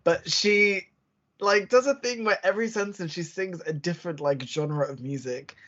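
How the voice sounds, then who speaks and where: A man with a high-pitched, fairly bright voice speaks at normal speed in lo-fi sound. As a podcast co-host in a casual chat, he tells a story in a chatty way, acting out quotes and laughing often.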